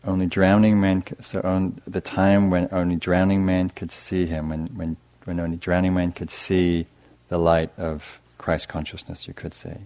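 A middle-aged meditation teacher speaks to a live audience in a soft, gentle way. His voice is very low and deep. He pauses often, with fillers and restarts. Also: completely flat delivery. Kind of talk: dharma talk to a live audience.

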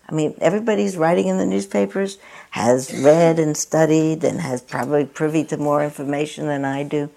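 A woman's voice: deep voice, lively intonation, moderate pace, vocal fry, dark tone. A woman meditation teacher giving a dharma talk at a meditation center, chatty and self-mocking, often laughing at herself.

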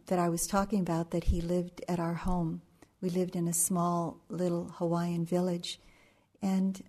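A middle-aged woman meditation teacher telling a story in a dharma talk, unhurried and anecdotal, with frequent pauses and fillers. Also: fairly low pitch, warm tone.

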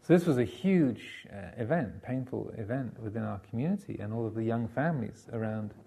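A man giving a Buddhist dharma talk, telling a story with many ums and restarts. His voice is mellow and a little gravelly, sitting at an ordinary male pitch. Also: animated. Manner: halting, many fillers and restarts. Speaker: Buddhist monk teacher.

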